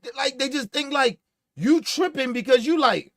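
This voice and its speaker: Guy with a high voice ranting on his podcast, cussing a lot, acts out quotes, dead dry mic. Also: moderate pace, dry recording. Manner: profane, animated storytelling with acted-out quotes. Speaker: podcast host. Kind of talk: casual opinionated commentary.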